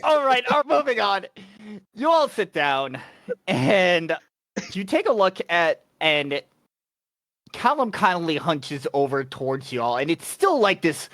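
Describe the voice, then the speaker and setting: Game master, slow descriptive narration, dry close mic, relaxed player talk. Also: medium pitch, no room sound.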